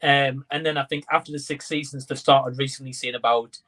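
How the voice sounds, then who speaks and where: A man's voice: medium pitch, steady tone, brisk, pushed and bright. A man who is a guest on a casual podcast chat. He talks at length, weighing his predictions. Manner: speculative, lays out predictions at length.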